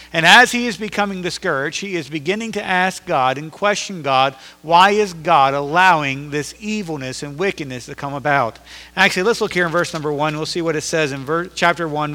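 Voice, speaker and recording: A man's voice: on the high side, pushed and bright. A man preaching a sermon as pastor, reading scripture aloud and growing emphatic as he preaches. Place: church sanctuary. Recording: echoey hall reverb.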